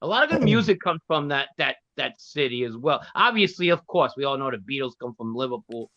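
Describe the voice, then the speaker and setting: A man's voice: mid-range voice, sing-song, fairly quick, pushed and bright, dry recording. A man on a casual live-stream chat, bantering, laughing often and slipping into mock accents. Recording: dull lo-fi audio.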